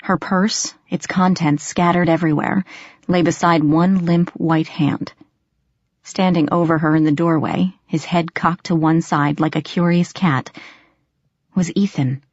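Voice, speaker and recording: A woman narrates a first-person audiobook, with measured and tense delivery. Her voice sits a little low, and the recording sounds dull and dry, with no room around it. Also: steady tone, a little mellow, no room sound.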